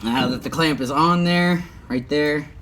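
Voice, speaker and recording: A man's voice: a little high, a little slow. A young man talks casually as he works outdoors, hot and sweating, and now and then drops into a mutter. He speaks into a phone mic, with faint outdoor noise and ambience behind him. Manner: chatty, talks while working, often mutters. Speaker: livestreaming YouTuber. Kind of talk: casual how-to livestream. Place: outdoors, working on a truck.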